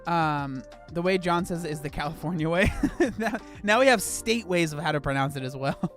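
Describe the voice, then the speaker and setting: A man live-streaming in a casual chat, animated and incredulous as he talks to his viewers. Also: a little high, normal speed, faint music behind.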